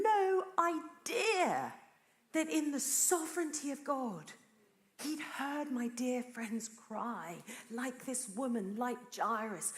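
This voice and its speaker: A woman preaching a sermon, telling a story in an earnest, animated way. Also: a little high. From Britain. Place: church. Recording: roomy church echo.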